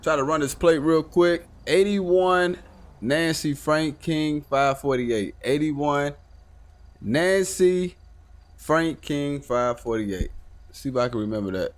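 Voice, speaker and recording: A man with a slightly high voice speaks slowly while casually commenting on his live game stream. Talking to himself, he swears and breaks into sudden loud outbursts.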